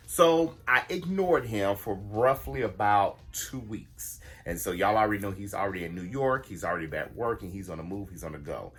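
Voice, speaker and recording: A man telling a story to his viewers in a casual vlog, blunt and animated, swearing freely and calling his audience y'all. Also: fairly low pitch, moderate pace, few pauses, husky. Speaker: vlogger.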